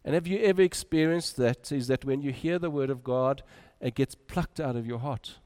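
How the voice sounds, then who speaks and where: A man preaching a sermon, moving between loud urging and quiet, soft drops. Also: medium pitch, normal speed, smooth.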